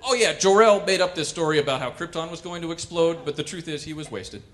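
A man performing wry, animated stand-up comedy on a cultural center stage. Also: on the high side, quick pace, background noise. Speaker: comedian and pianist.

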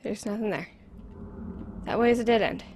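A woman commenting on a horror game as she plays it, close to a desk microphone, nervous and repeating words in quick bursts. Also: mid-range voice, darkish tone, a little hiss or hum. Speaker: gameplay commentator.

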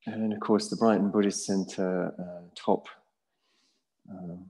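A man teaching a yoga class in a Buddhist centre studio, relaxed and joking about himself as he guides the students. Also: deep voice, unhurried, rough recording. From England. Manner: relaxed and jokey, self-mocking asides.

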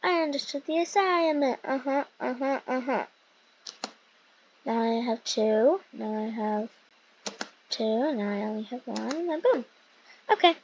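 A young woman giving rambling, excitable commentary while playing a video game, with many fillers. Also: high voice, unhurried, long pauses, highs cut off, slight background noise. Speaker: gaming youtuber. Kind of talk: casual gameplay commentary.

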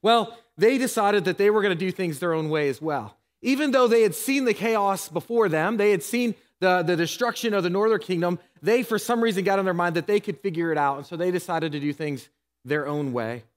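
A man's voice: sits high, fairly quick. A married man preaching a sermon as pastor, earnest and emotional, asking his listeners hard rhetorical questions. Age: adult, married. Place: church sanctuary. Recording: long church hall reverb.

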